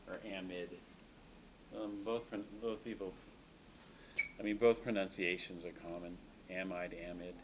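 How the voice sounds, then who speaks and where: A man with a fairly low voice gives a chemistry lecture in a classroom. He walks through each step patiently and often checks that the students follow. Faint room noise sits under his voice.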